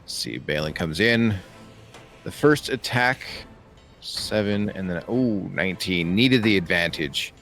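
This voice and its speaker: A man running a tabletop role-playing game, calling out dice rolls and painting the battle in vivid detail. His voice sits low and he talks slowly, with faint music playing behind him. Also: lively intonation, a bit bright. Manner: vivid descriptive narration of combat. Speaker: game master. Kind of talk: narrating a tabletop game online.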